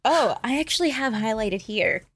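A woman co-hosting a podcast, chatting casually and reading novel excerpts, animated, exasperated and swearing freely. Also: fairly high pitch, normal speed, husky. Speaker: podcast co-host. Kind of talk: casual book-club chat.

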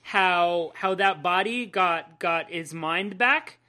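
A man's voice: sits high, slow, pushed and bright, smooth. A man co-hosting a podcast, ranting casually and profanely about comics and laughing often. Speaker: podcast co-host. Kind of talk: casual comic book chat.

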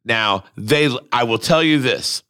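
A man's voice: medium pitch, animated, slow, heavy background noise. A man hosting a podcast in casual, crude, joking chat, reading listener messages aloud. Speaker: podcast host.

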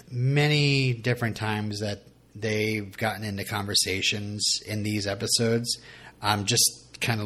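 A man's voice: fairly low pitch, bright, forceful tone. A young man co-hosting a podcast in casual chat, rambling and joking at his own expense, with lots of fillers and restarts. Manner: rambling, self-mocking, full of fillers and restarts. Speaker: podcast co-host.

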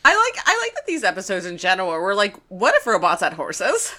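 A woman's voice: mid-range voice, wildly swooping pitch, fairly quick, bright, forceful tone. A woman co-hosting a casual podcast recap, giggly and teasing. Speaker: podcast co-host.

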